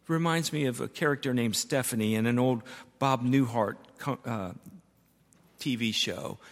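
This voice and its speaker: Older male preacher in a reverberant church. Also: mid-range voice. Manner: storytelling preacher, repeats key words for emphasis. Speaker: pastor. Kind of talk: sermon. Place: church sanctuary.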